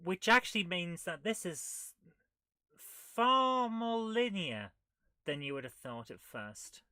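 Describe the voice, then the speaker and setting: Here the retro gaming host talks slowly in a lowish, animated voice with a sharp edge. The studio-quality recording has no room sound as she reads game text aloud and adds wry, jokey asides in casual playthrough commentary.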